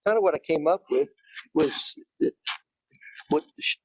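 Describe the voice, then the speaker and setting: A man's voice: on the high side, moderate pace, husky, no room sound, highs cut off. A man giving an informal talk to a club, speaking conversationally and restarting his phrases as he goes. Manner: conversational, repeats and restarts, rising emphasis.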